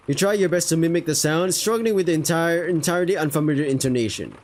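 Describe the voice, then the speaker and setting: Young man, reads game text aloud, casual, curses at his mistakes, slightly high voice. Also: fast, few pauses, darkish tone. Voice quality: casual, swears in reactions. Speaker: visual novel player reading aloud. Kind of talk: reading a game aloud with asides.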